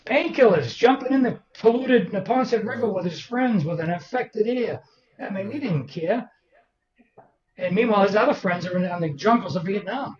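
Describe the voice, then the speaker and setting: Older man, lively storyteller, slightly high voice, distant roomy lo-fi sound with a crowd behind. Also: moderate pace. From Boston, Massachusetts. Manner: animated anecdotal storyteller, acts out quoted people. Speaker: author guest. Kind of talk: storytelling interview.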